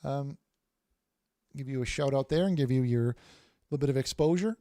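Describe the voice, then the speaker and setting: A man's voice: medium pitch, normal speed, warm tone, no room sound. A man hosting a casual livestream, reading viewer messages aloud with many restarts and repeated words. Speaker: livestream host reading chat.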